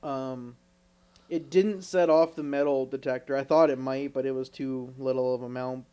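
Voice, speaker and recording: A man's voice: medium pitch, normal speed, smooth. A young man from Canada, co-hosting a podcast, telling stories in casual chat with lots of swearing and acted-out quotes. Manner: animated, swears a lot, acts out quotes. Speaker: podcast co-host.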